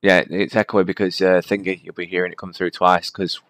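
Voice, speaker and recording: A man co-hosting a casual live stream, talking loudly and playfully while he tests his mic. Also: low-pitched, level tone, a little fast, no room sound.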